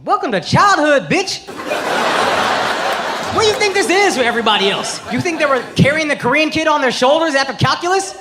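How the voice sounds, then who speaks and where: A man in his thirties doing stand-up comedy, loud, brash and profane, shouting his punchlines. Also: extremely high pitch, expressive, quick pace, hardly any pauses, background noise. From United States. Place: large theater on stage. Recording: live stage recording with loud crowd laughter. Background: loud audience laughter.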